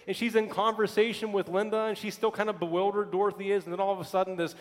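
A male pastor preaching a sermon, telling stories with lively emphatic repetition. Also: sits high, quick pace, in a large hall. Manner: animated storytelling with emphatic repetition.

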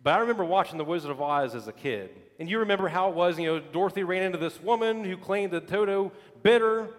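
A male pastor preaching a sermon, telling stories with lively emphatic repetition. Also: sits high, fast talker, long reverb tail. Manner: animated storytelling with emphatic repetition.

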